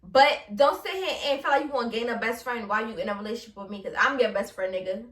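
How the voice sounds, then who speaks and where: A young woman, hosting a casual solo podcast, blunt and animated, laughing between profane rants. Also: fairly high pitch, fast, echoey room, far from the mic. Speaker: podcast host.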